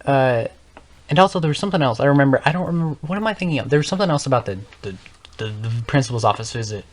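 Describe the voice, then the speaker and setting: A man's voice: mid-range voice, expressive, racing. Rambling teenage boy telling a story. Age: young teens. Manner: rambling, self-correcting, laughs often. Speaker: gaming channel host. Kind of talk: casual storytelling monologue.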